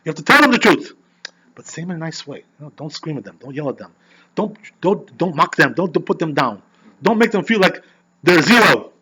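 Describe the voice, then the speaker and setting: A man who is a rabbi teaching an informal Torah class, animated and constantly checking in with "you know" and "right?". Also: on the high side, fairly quick, breathy edge.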